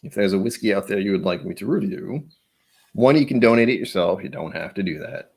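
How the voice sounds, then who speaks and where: A man's voice: on the low side, lively intonation, fairly quick, gravelly, husky. A man hosting a casual livestream, rambling and chatty with frequent laughs, his voice a bit tired. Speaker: livestream host.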